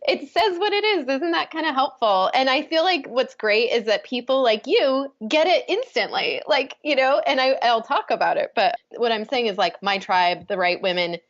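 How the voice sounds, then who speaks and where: A woman's voice: sits high, expressive, moderate pace, hardly any pauses, highs cut off. A woman coach, a guest on a podcast, talking in an earnest, flowing way with many fillers. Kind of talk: casual interview talk.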